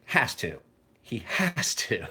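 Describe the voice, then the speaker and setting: A man in his forties talks casually on a livestream, rambling and cursing freely. His voice is bright and forward, with a lively pitch that jumps up and down. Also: slow, slightly rough. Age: 40s. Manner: rambling and profane, with frequent restarts. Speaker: knife maker.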